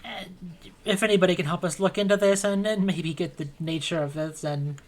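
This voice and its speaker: A woman game master voicing a hesitant man who asks a favor with halting speech. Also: fairly low pitch, fairly even intonation, close to an everyday voice. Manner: halting, with fillers.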